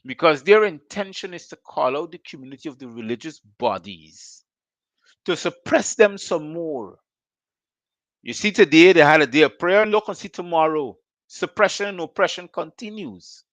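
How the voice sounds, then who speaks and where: A man's voice: a little high, animated, moderate pace, a bit bright, no echo. A Guyanese man hosting a call-in show, firing off rhetorical questions in a fiery political monologue.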